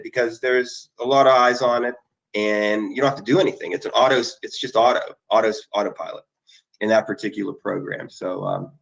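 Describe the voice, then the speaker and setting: A man's voice: fairly low pitch, vocal fry, a bit bright, rough recording. A middle-aged man hosting an online marketing video, talking casually and rambling through emotional asides and eager plugs. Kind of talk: casual screen-share talk to viewers. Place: indoor conference room.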